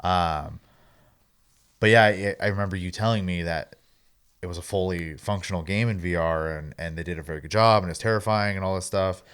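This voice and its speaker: A man's voice: deep voice, fairly quick, a bit bright, clear, resonant tone. A man co-hosting a casual gaming podcast, talking in an easygoing, agreeable way with fillers. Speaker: podcast co-host. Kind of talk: casual chat about video games.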